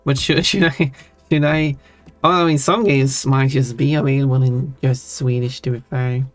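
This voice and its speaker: A man streams and talks casually to his viewers in a teasing, playful way. His voice sits at a middle pitch, and the sound is dry and close. Faint music plays behind him. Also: fairly even intonation, normal speed, no echo. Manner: playful, teasing, laughs between words.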